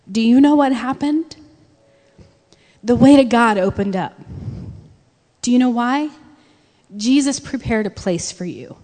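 A woman preacher giving a sermon with animated storytelling, acting out quotes. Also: mid-range voice. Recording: long reverb of a large hall.

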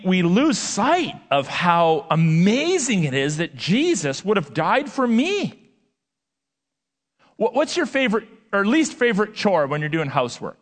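A man preaching a sermon as a pastor, talking in a lively, conversational way and asking the audience questions. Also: sits high. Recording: long hall reverb.

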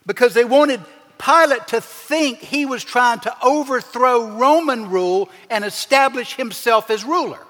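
A man preaching a sermon as pastor, with emphatic swings in pitch and loudness as he acts out the people he quotes. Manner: preaching with emphatic shifts, acting out quoted voices. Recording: long hall reverb.

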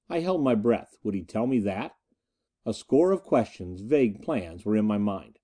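A man narrating a first-person adventure story with an expressive, dramatic reading. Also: lowish voice, moderate pace. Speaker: audiobook narrator.

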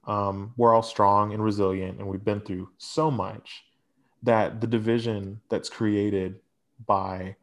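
A young man with a fairly low voice chats as a podcast co-host. He tells personal stories candidly and swears freely, loose and conversational. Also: slow. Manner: candid, profane, animated storyteller. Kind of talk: casual personal storytelling.

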